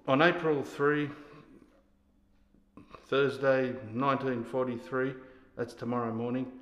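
An actor playing a drunk, bullying older army sergeant who barks insults and orders. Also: male voice, mid-range voice, fairly even intonation, slow, a bit bright. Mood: commanding. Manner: barking, insulting, commanding. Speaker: actor in a scene. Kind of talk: stage scene acting. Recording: echoey hall.

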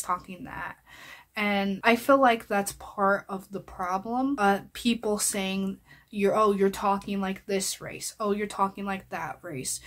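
A woman's voice: mid-range voice, a bit bright. A young adult woman speaking earnestly and heartfelt to her viewers as a vlogger. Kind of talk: personal address to viewers.

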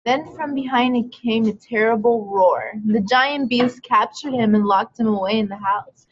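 Woman calmly reading a children's story. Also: a little high, moderate pace, a little hiss or hum. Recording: dull lo-fi recording.

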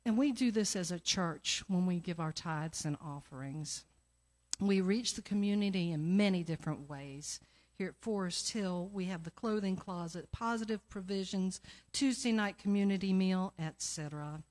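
A middle-aged woman in a church sanctuary, telling a lively personal story that leads into the offering and acting out the voices of the people in it. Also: on the low side, moderate pace. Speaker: church member giving the offering talk.

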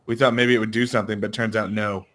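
A young man casually commenting on a video game he plays with a friend, goofy and quick to laugh. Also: on the low side, little pitch movement, fairly bright tone. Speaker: gaming YouTuber.

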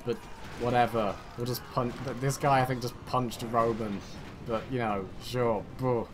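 A British man from the United Kingdom giving rambling, excitable game commentary with sarcastic asides. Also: medium pitch, moderate pace, noisy background. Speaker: let's play gamer.

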